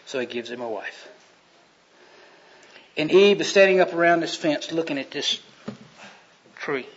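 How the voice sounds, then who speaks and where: A man preaching a sermon, retelling Bible scenes in a folksy storytelling way that swings from loud to hushed. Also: fairly high pitch, animated, a little slow, husky, lo-fi sound.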